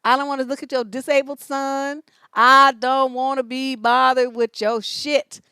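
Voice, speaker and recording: A high-pitched woman coach talks through viewers' dating questions in a loose, joking livestream manner. She is blunt and swears freely. Her voice sits close to the mic in a dry, dead room. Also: flat delivery, unhurried, bright, forceful tone, smooth, no echo. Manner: blunt and profane, joking, reads questions aloud. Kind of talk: casual livestream advice chat.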